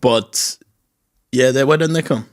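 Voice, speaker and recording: Young irish podcast co-host, casual storyteller, mid-pitched, jumps into voices. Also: male voice, unhurried. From Ireland. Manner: animated storytelling, mimics family members' voices. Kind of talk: casual chat.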